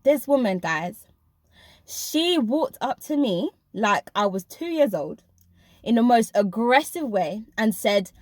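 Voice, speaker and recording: A woman's voice: fairly high pitch, very animated, slow, dry recording, studio quality. Emphatic woman telling a story. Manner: emphatic, addresses viewers directly. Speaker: vlogger recounting a school job. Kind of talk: casual storytime vlog.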